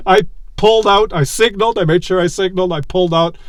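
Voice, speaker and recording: A man tells a rambling, animated story from his parked car, chuckling as he digresses. His voice sits a bit high for a man. The sound is dry and close, with no room echo. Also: moderate pace. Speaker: vlogger.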